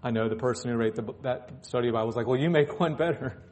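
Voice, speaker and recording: A man's voice: mid-range voice, fast, a little mellow. A male pastor preaching in church, reading scripture aloud and breaking off into joking asides. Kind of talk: sermon.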